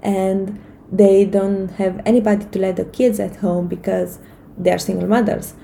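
A woman's voice: medium pitch, little pitch movement, normal speed, vocal fry, warm tone, slight background noise, poor audio. A woman in her thirties giving an earnest, encouraging motivational talk to camera, with frequent fillers and restarts. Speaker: vlogger giving life advice.

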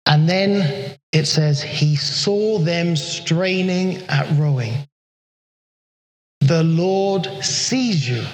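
High-voiced preacher in an echoing hall. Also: male voice. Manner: earnest, slows down for emphasis. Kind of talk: sermon. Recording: echoey hall with long reverb.

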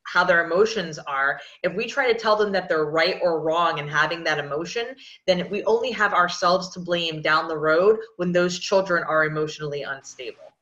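Brief: woman in her 30s, podcast host, earnest and rambling, bright forceful tone, lower voice. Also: moderate pace, hardly any pauses. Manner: rambling, earnest, many restarts. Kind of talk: casual podcast conversation. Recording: echoey, dull lo-fi sound.

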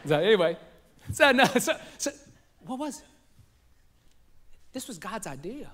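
Southern male pastor, high bright voice, lively storytelling sermon with asides to the congregation. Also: normal speed, long pauses. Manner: animated, jokes with the congregation. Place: church sanctuary.

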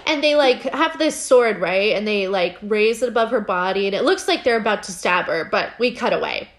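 A woman hosting a casual podcast, recapping a TV episode in an animated, giggly way, with a filler-heavy delivery. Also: mid-range voice, normal speed. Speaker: podcast host.

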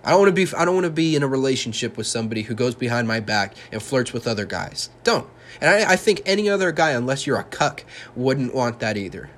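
A man's voice: medium pitch, very animated, fast, few pauses, fairly bright tone, slight background noise. Casting: young male podcast host, solo monologue, angry sarcastic rant, frequent profanity. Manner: heated, sarcastic ranting with heavy swearing.

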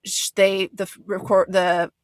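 A woman's voice: medium pitch, level tone, unhurried, dry recording. A woman giving a casual recap commentary of a reality show, blunt and swearing, with lots of fillers. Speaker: reaction commentator.

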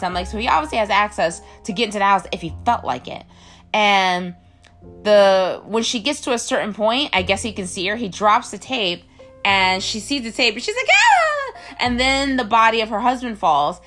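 Woman, chatty film reviewer, lively incredulous delivery, rambling asides, faint music bed. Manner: incredulous, rambling, heavy use of "like"; acts out characters' lines in squealing high voices. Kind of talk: casual movie review rant.

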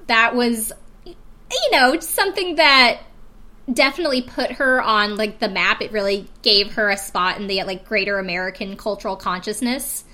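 A woman's voice: medium pitch, normal speed, pushed and bright. A woman co-hosting a podcast, recapping a reality show in casual chat, wry and chatty with plenty of fillers. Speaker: podcast co-host.

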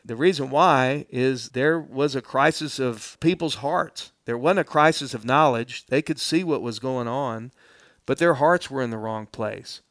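A male pastor teaches through the Bible verse by verse in a medium-pitched, fairly bright voice, speaking a little slowly. The studio-quality recording has no room sound, and he addresses listeners directly, earnestly and plainly explaining the text.

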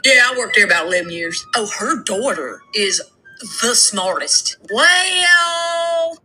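A woman's voice: on the high side, expressive, slow pace, pushed and bright, soft background music, full character voice, poor audio. A woman putting on a Southern accent to play a gossiping, sweetly judgmental female relative, in a drawling, mock-polite manner.

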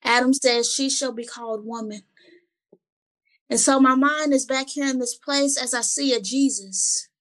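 Woman with a high voice going slow thru bible verses, earnest, chatty, repeats herself a lot. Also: a bit bright. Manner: earnest, slow, repeats words as she gathers thoughts. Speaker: Bible study co-host. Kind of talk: conversational Bible reading and reflection.

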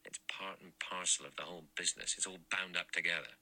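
A man's voice: deep voice, steady tone, fast talker, pushed and bright, exaggerated voice, rough recording. A man reading an audiobook voices a blunt, cynical ex-police inspector with dry, emphatic delivery.

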